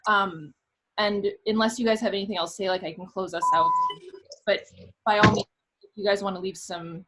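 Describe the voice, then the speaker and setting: A woman's voice: mid-range voice, fairly even intonation, a little fast, very noisy. A woman hosting and moderating a group call in a casual, effusive way, with many fillers. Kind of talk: casual chat.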